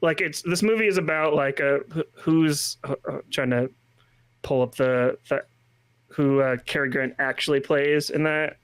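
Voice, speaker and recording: A man co-hosting a film review podcast, talking casually and haltingly with many restarts. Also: on the high side, steady tone, clean tone. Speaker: podcast co-host.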